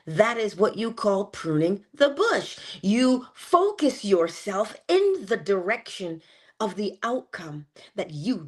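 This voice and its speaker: Female motivational speaker, mid pitch, very animated, playful and chatty. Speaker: inspirational speaker. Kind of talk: motivational morning talk.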